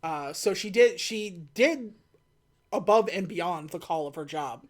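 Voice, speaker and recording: A woman's voice: on the low side, unhurried. A woman co-hosting a podcast, casually recapping a film and acting out its lines, laughing often. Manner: animated, acts out lines in character, laughs often. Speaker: podcast co-host.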